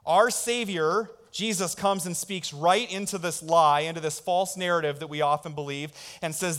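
In a church sanctuary, a pastor preaches in call-and-response style, urging the congregation to answer back. His fairly high, somewhat bright voice moves at a moderate pace with hardly any pauses, and long reverb fills the hall.

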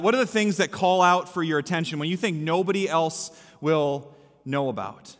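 A man's voice: on the high side, fairly quick, fairly bright tone. A male pastor giving a sermon in a church, preaching with emphasis and repeating his key lines. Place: church sanctuary. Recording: echoey hall with long reverb.

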